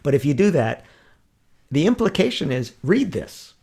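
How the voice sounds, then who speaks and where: Creaky-voiced man coaching on sales. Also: a little high, normal speed. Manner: lively, acts out customer voices, chuckles often. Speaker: wedding sales consultant. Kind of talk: podcast interview, coaching advice.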